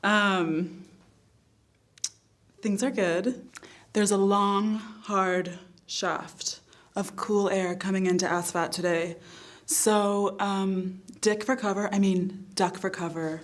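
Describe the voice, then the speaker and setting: A woman's voice: mid-range voice, steady tone, takes it slowly, natural voice. A woman playing a flustered, unprepared spoof TV weather reporter who stumbles through her lines.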